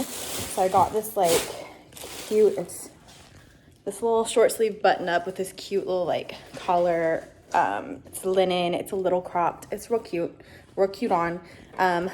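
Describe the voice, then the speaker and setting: A woman's voice: on the low side, darkish tone, slight background noise. Chatty woman venting on camera. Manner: ranting, exasperated, talkative. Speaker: vlogger. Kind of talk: casual chatty vlog.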